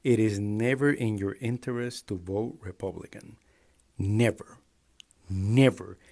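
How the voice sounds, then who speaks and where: A man in an angry political rant, profane, breaking into shouting bursts. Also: fairly low pitch, moderate pace. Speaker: commentator.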